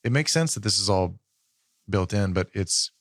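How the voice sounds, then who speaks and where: A man co-hosting a podcast, explaining how memory works in a relaxed, halting way with fillers. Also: deep voice, no echo, studio quality. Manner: explanatory, with many fillers and restarts. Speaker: podcast co-host. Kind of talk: casual podcast chat.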